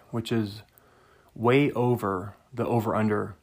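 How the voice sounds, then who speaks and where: A man's voice: lowish voice, takes it slowly, darkish tone. A man hosting a casual solo podcast, rambling and laid-back, laughing at his own jokes. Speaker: podcast host. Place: home sauna.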